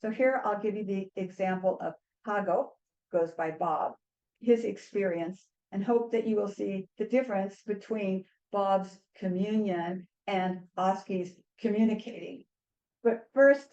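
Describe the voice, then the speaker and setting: A woman author giving an academic book talk in a measured, earnest way, with small restarts now and then. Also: medium pitch, darkish tone, dull audio. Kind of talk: academic lecture.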